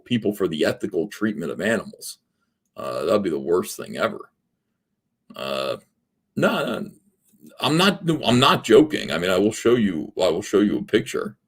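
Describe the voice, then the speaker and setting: A man's voice: mid-range voice, slightly rough. A man in his forties hosting a casual livestream from his home office, rambling and sarcastic, with plenty of fillers while he reads out viewer messages. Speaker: livestream host. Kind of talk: casual livestream chat reading super chats.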